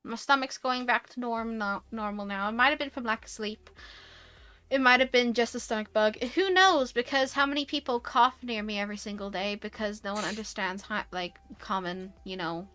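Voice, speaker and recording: A British woman chatting casually on a stream, animated and quick to rant, swearing freely. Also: on the high side, clean tone. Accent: British English. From United Kingdom. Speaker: VTuber streamer. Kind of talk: casual chat.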